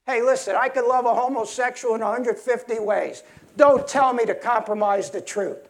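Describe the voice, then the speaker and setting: A man's voice: very high voice, moderate pace. A man preaching a sermon in a heated, emphatic way, often restarting his sentences.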